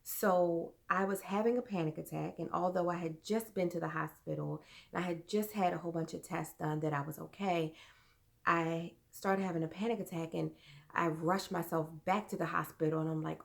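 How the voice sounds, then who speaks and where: A young adult woman vlogger earnestly telling a personal story, halting and full of fillers. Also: fairly low pitch, steady tone, gravelly.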